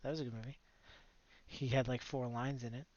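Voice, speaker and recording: A man's voice: mid-range voice, steady tone, brisk, a little mellow, no room sound, lo-fi sound. A man co-hosting a podcast in casual chat, blunt and opinionated, swearing freely and laughing often. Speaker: podcast co-host.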